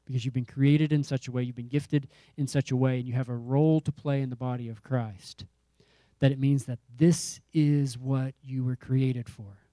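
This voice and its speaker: Male pastor, sermon delivery, emphatic and repetitive, warm tone, dry close mic. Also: medium pitch, steady tone, normal speed, dry recording. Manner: emphatic preaching with repeated phrases and rising calls.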